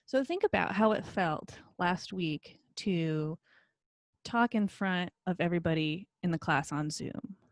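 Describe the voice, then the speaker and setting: A woman instructor talks through a recorded video lesson from her computer. Her delivery is friendly and encouraging, with plenty of relaxed fillers. The sound is close and dry. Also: fairly low pitch, a little slow, no room sound. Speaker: college instructor.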